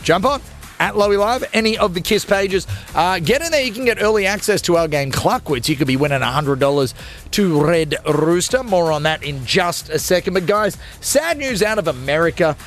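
A man hosting a radio show in a high, bouncy voice that swings all over. He talks with jokey, self-mocking energy, with a little music under him. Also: expressive, moderate pace, fairly bright tone. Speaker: radio host. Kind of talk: live radio show banter.

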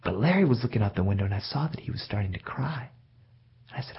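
A male storyteller telling a story from his own childhood in a plain, reflective way with gentle self-mockery. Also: fairly low pitch, animated, fast, breathy edge. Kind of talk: told personal story. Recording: dull lo-fi recording.

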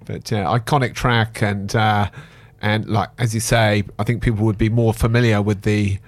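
A man's voice: on the low side, little pitch movement, moderate pace, no echo. A man co-hosting a radio show, chatting casually with short, offhand remarks in a studio. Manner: brief, offhand interjections. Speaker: radio co-host.

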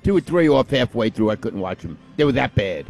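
A man's voice: mid-range voice, sing-song, brisk, creaky, darkish tone. An older man in casual chat, laid-back and agreeable, chuckling often.

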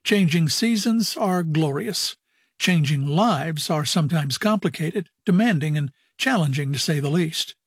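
A man's voice: a little high, animated, unhurried, husky, no room sound, clean studio sound. A man announcing a ministry broadcast, reading a scripted outro. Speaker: radio program announcer.

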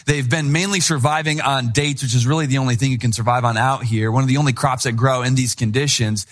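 A man's voice: mid-range voice, steady tone, fast. A young man from Wisconsin, a pastor, preaching a sermon that opens with a casual personal story full of acted-out dialogue.

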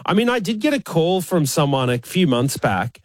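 An Australian man co-hosting a casual chat show, lively and quick to laugh. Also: fairly high pitch, dry recording, studio quality. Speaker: co-host.

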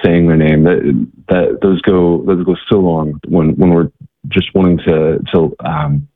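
A man telling earnest stories as an interview guest, halting with many restarts and fillers, over a phone-like line. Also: low voice, fairly even intonation, dry recording. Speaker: guest, missionary organization worker. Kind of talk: interview storytelling. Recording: tinny phone-like line, dry.

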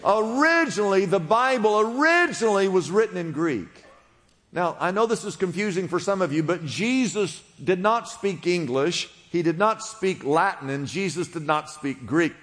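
A man preaches in a church sanctuary with a slightly raised pitch. His voice carries a long reverb through the hall. He teaches patiently and gets the congregation to repeat words back to him. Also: lively intonation, moderate pace, fairly bright tone. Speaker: pastor. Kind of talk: sermon.

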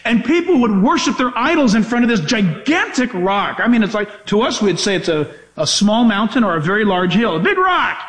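Male pastor, very high voice, animated sermon style, roomy church echo. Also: brisk, few pauses. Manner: animated preaching with mock voices and rhetorical questions.

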